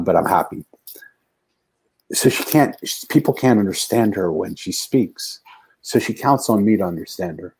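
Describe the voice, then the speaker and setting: A man's voice: deep voice, a little mellow, husky, rough recording. An older man, a guest author, telling a heartfelt story in an interview with earnest, building intensity.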